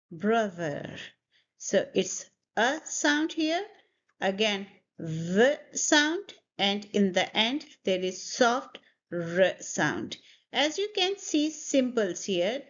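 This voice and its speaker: Woman, pronunciation teacher, very slow and deliberate, repeats each word, dull lo-fi sound. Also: medium pitch. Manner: slow, repeats words for students to copy. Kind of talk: pronunciation lesson. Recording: dull lo-fi audio.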